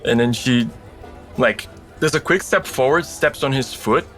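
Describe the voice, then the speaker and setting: A man's voice: medium pitch, moderate pace, faint music behind. A man narrating as game master of a tabletop game, in loose, chatty talk with many fillers.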